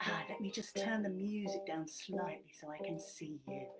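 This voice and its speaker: A woman telling a story to young children, speaking gently and softly. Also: on the low side, normal speed, over music.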